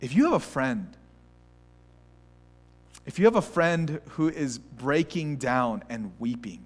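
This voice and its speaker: A man preaching a sermon as a pastor, swinging between hushed, slow words and raised, urgent ones. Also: medium pitch, expressive, soft background music. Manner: acts out voices of people in the story.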